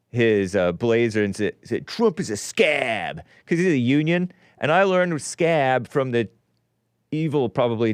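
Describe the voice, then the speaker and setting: Man, forties, talk show host, sarcastic political commentary, mid-pitched, dry recording. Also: smooth, no echo. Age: 40s. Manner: rambling, sarcastic, animated.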